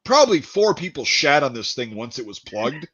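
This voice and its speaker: A man telling a rambling story in a casual chat, animated, laughing and swearing a lot. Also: mid-range voice, normal speed, slightly rough. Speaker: podcast host. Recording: dull dry lo-fi sound.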